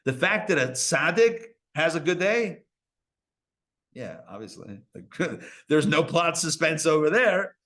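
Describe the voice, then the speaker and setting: A rabbi giving a live Torah lecture to an audience at a community center, talking in a conversational way with playful asides to the listeners. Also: male voice, fairly high pitch, very animated, unhurried, a bit bright. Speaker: rabbi teaching a class.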